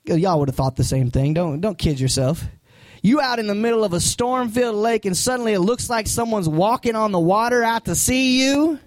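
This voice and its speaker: A man preaching a sermon as pastor, animated and acting out voices from the story. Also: high-pitched, fairly quick, no room sound.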